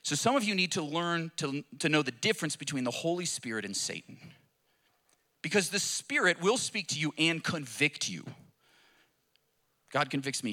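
Male pastor, middle-aged, bright forceful tone, fairly high voice, fervent repetitive preaching. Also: sing-song, moderate pace, long pauses. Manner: impassioned, repetitive preaching cadence with rhetorical questions. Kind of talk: sermon.

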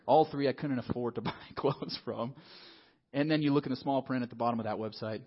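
Husky-voiced male pastor, conversational sermon. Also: medium pitch, a little fast, lo-fi sound. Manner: animated and conversational, asking the audience questions.

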